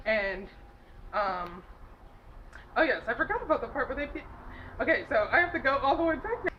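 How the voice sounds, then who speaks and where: A woman's voice: sits high, lively intonation, normal speed. A woman retelling a film plot in a loose, giggly way, full of fillers and self-corrections. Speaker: movie reviewer. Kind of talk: casual rambling movie recap. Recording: dull lo-fi home recording with faint noise.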